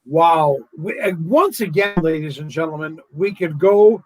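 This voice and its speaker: A man's voice: on the high side, animated, measured pace, low-quality recording. A man hosting an interview, speaking earnestly and affectionately to his guest. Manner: warm, earnest and emotional about his guest. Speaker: host.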